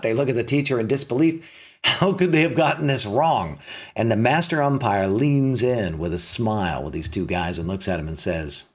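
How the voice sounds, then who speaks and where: A man giving a spiritual self-help talk, telling a story and acting out its characters, with pitch that climbs when he is emphatic and drops low and soft for the point. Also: breathy edge. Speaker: motivational speaker.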